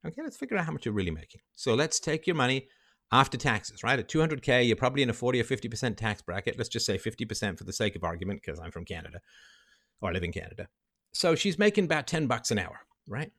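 A man's voice: mid-range voice, expressive, fast, a bit bright. A man hosting a livestream monologue, emphatic and lecturing, walking through numbers step by step. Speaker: livestream host.

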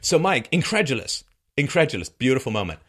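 Sardonic man with an animated delivery. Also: fairly quick, breathy edge. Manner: sardonic, mocking, with lively swings in pitch and bursts of laughter. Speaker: commentator. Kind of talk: monologue commentary.

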